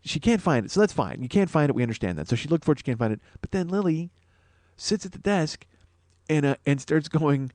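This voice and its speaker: A man's voice: fairly high pitch, expressive, fast, darkish tone, dry recording. A man hosting a podcast, telling a rambling comic story in an exasperated, profane, self-mocking way. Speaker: podcast host.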